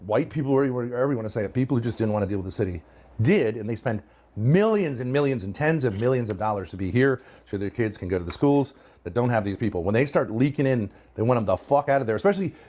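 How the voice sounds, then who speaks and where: A man's voice: mid-range voice, lively intonation, fast, darkish tone. A man in casual commentary, ranting bluntly and profanely, often repeating himself. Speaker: stream guest commenting on drama.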